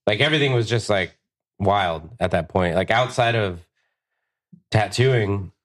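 A deep-voiced man swapping shop stories as a guest on a podcast. He swears freely and leaps into his own retellings of what people said, jumping up in pitch for the punchlines. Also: measured pace. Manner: profane, animated, acts out quotes. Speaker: tattoo artist guest. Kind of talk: casual storytelling.

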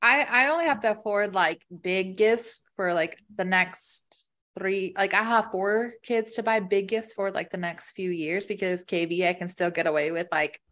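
A woman's voice: medium pitch, moderate pace, fairly bright tone. A woman in her thirties, a mother and podcast co-host, chatting casually and rambling with lots of filler words. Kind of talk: casual chat.

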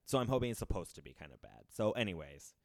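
Deep-voiced man in his 30s, co-host, loose rambling chat, dry close sound. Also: big pitch swings, fast talker, vocal fry, no echo. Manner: rambling, laughs often, trails off into fillers. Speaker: podcast co-host. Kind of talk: casual chat.

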